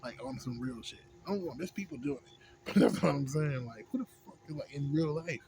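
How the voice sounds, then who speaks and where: A young American man ranting casually at home, rambling with heavy slang and constant swearing, sliding from mumbling to loud, heated outbursts. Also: on the high side, expressive, a little fast, rough recording. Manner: rambling, heavy slang and swearing, frequent "you know what I'm saying". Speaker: vlogger. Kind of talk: casual profane rant. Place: indoors at home, smoking a pipe. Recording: home recording with clear background noise.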